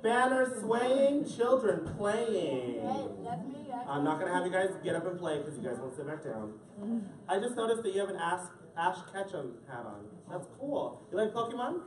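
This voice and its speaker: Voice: medium pitch, big pitch swings. A drag queen reading a storybook aloud to children at a live event, teasing and joking with the audience and drawing out the rhymes. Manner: playful, teasing, jokey; reads rhyming lines slowly and sing-song. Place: indoor event space with families. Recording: echoey room from far off, loud crowd.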